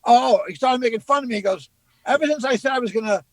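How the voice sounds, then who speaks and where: A middle-aged male comedian, telling animated anecdotes and acting out what people said. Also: extremely high pitch, quick pace, no echo, low-quality recording. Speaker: comedian guest. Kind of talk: casual storytelling.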